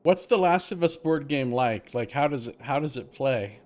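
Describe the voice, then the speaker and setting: A man's voice: mid-range voice, normal speed. Chatty man streaming a game. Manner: relaxed and chatty, answers viewers, hedges with "like". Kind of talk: casual live-stream commentary.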